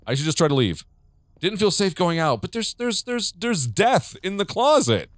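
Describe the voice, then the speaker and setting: Young male streamer, lively swooping voice, jumpy, profane, self-mocking horror commentary. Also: high-pitched, moderate pace, no room sound, clean studio sound. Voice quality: jittery, jokey, swears a lot. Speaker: gaming streamer. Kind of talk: horror game let's play commentary.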